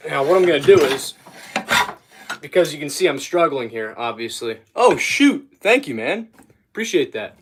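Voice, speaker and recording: A man's voice: on the high side, animated, moderate pace, pauses often. Young guy rambling on a live stream, gets sidetracked, background noisy with filing and wood sounds. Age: young adult. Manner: rambling, easily sidetracked, talks to chat. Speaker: livestreamer. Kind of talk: casual livestream chat while bowmaking.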